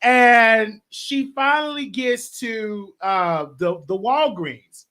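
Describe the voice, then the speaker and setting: A man with a Southern US accent hosting a casual gossip show, out of breath and chatty, with sudden loud bursts. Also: extremely high pitch, slow pace. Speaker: show host.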